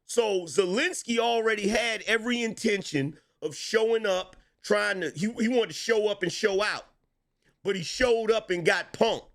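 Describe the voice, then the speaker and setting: A middle-aged man giving casual political commentary, telling it in animated street slang and laughing between lines. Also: high voice, normal speed.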